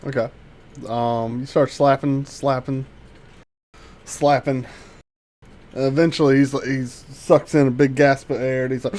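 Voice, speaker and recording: A man narrating a tabletop game as game master, slow and halting with fillers. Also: medium pitch, steady tone, darkish tone.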